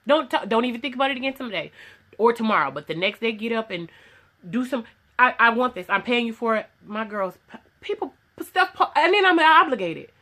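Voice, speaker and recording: Brisk, pushed and bright, a slightly high female voice with lively intonation tells her story. She's a small business owner vlogging casually from her home sewing room, earnest and rambling as she restarts and slips into quoted voices.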